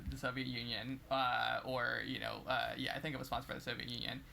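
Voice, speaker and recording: A man co-hosting a history podcast in casual chat, relaxed and reading quotations aloud. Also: medium pitch, quick pace, gravelly. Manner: relaxed, frequent agreeing fillers, reads quotes aloud. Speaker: podcast co-host.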